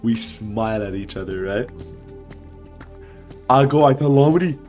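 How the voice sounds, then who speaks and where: A man casually telling a wild story to friends on a livestream, animated and swearing, throwing in "bro" and "right" all the time. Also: medium pitch, unhurried, pauses often, soft background music.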